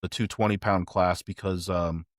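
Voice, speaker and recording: A man hosting a casual interview, talking in a relaxed, loose way. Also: low voice, normal speed, dry recording, clean studio sound. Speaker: host.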